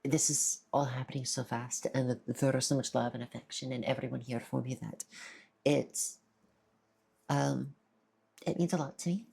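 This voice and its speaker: A woman streamer in casual live-stream chat, soft-spoken, shy and stammering as she thanks her viewers. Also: a bass voice, fairly even intonation, normal speed, gravelly, husky.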